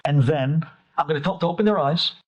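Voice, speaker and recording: A man voicing a calm male stage hypnotist who gives commands in a steady, instructing way. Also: fairly high pitch, fast talker, highs cut off, lightly acted. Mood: commanding.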